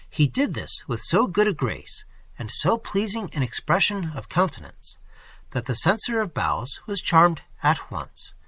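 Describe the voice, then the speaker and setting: Expressive male audiobook narrator, animated. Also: fairly high pitch, breathy edge, dry recording. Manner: expressive, measured storytelling. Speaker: audiobook reader.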